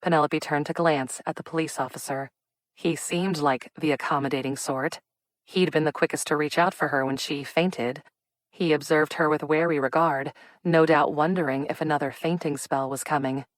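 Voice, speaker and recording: Woman audiobook narrator, low voice, steady storytelling, dry close recording. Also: normal speed, dry recording. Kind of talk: scripted narration.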